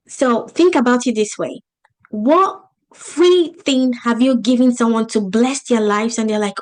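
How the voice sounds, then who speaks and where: A woman with a non-native English accent, teaching a business webinar in an emphatic, motivational style, asking the audience rhetorical questions. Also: a little high. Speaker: business coach. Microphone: video call.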